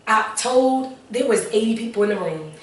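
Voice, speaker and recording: A woman's voice: a little high, expressive, moderate pace, far from the mic. Earnest woman telling her story, echoey room. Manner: earnest, repeats phrases, prayerful asides. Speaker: interview guest. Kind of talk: emotional personal testimony. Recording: echoey room, voice a little off-mic, faint background noise.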